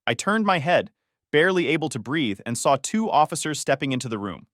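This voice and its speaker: A man's voice: on the high side, very animated, fairly quick, a bit bright, no room sound, clean studio sound. A man narrating a first-person story in a tense, dramatic way.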